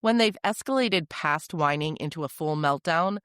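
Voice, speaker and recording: A podcast host giving calm, direct, scripted parenting advice in an instructive way. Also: mid-range voice, normal speed, clear, resonant tone, no echo, studio quality.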